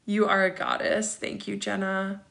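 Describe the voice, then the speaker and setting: A woman's voice: medium pitch, completely flat delivery, normal speed, gravelly, a bit bright. A woman in her thirties hosting a casual livestream, reading viewer comments aloud and answering them with chatty asides and frequent laughs. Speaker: livestream host.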